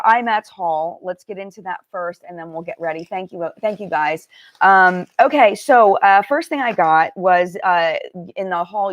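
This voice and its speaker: A woman hosting a casual live-stream chat, greeting viewers one by one and talking about makeup products. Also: fairly low pitch. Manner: chatty, warm greetings to viewers, many fillers. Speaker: beauty channel host.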